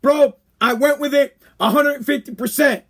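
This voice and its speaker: A man's voice: extremely high pitch, normal speed. A man hosting his own live-stream podcast, talking in a brash, emphatic, self-mocking way and calling listeners "bro.". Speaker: podcast host. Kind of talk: casual live-stream monologue.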